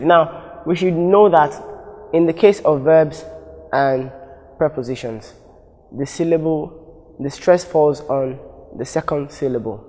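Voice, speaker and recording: Slow Nigerian man teaching in an echoing hall. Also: a little high, a little mellow. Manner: deliberate, repeats example words in pronunciation drills, corrects himself. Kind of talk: recorded exam-prep lesson.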